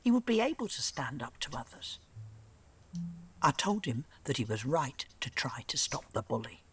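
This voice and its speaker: A husky, regretful older grandmother. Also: extremely low pitch, big pitch swings, normal speed, exaggerated voice. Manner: reflective, regretful. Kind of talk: video game voice acting.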